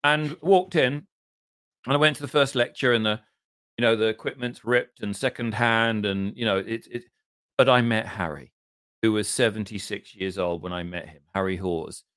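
A middle-aged man from southern England with an English accent, a podcast guest telling long, self-deprecating anecdotes in casual conversation and often clearing his throat. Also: fairly low pitch, normal speed, a bit bright, no echo, clean studio sound. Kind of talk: casual interview storytelling.

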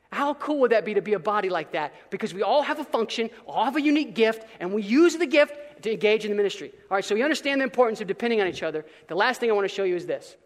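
High-voiced man preaching with energy. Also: rapid-fire, hardly any pauses, in a large hall. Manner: energetic, casual slang, bursts of shouting. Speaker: pastor. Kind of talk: sermon.

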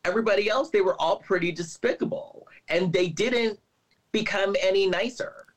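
A man's voice: high-pitched, moderate pace, low-quality recording. A man co-hosting a podcast, chatting casually and retelling scenes with lots of "like"s. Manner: chatty, animated storytelling with many "like"s. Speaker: podcast co-host. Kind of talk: casual chat.

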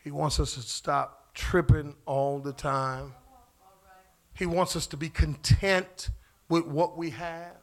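A man's voice: a little high, flat delivery, takes it slowly. A pastor preaching a sermon in church, casual and slangy, asking the congregation questions as he goes. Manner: call-and-response preaching, asks the crowd questions.

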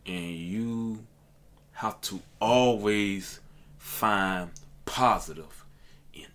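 A man's voice: on the low side, very slow, a bit bright. A man and aspiring stand-up comedian in a casual podcast chat, talking earnestly and with a motivational drive, and often saying "let me tell you.".

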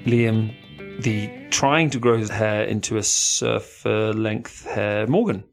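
A man's voice: on the low side, slow pace, vocal fry, faint music behind. A man hosting a podcast in casual chat, teasing his co-host and swearing freely.

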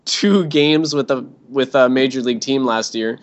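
A man's voice: medium pitch, normal speed. A man co-hosting a casual sports podcast, talking with dry sarcasm and frequent laughs. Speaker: podcast co-host. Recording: dull lo-fi sound.

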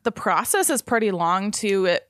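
A woman co-hosting a podcast, chatting and laughing along with her friends. Her voice is mid-pitched, close and dry. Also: expressive, unhurried, a bit bright, no echo. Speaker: podcast co-host. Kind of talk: casual chat.

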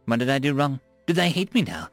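A man voicing a weary, reserved young woman who answers in short, flat replies. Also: medium pitch, brisk, no echo, soft background music. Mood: fretting.

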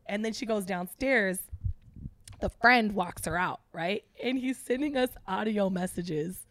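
A woman's voice: mid-range voice, a little slow, dry recording. A woman podcast host telling a wild story in casual, profane chat, acting out the people in it. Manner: animated, profane, acts out voices.

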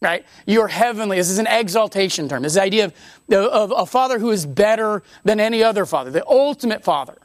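A woman preaching a conversational sermon on scripture, animated, restarting her sentences and breaking off mid-thought. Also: medium pitch, fast, dry recording, studio quality. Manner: animated, conversational, with many restarts and self-interruptions.

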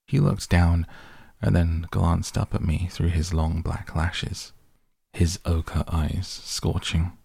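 A man reading a novel aloud in first person, slow, even and deliberate. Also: deep voice, vocal fry, husky, no echo. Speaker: audiobook reader.

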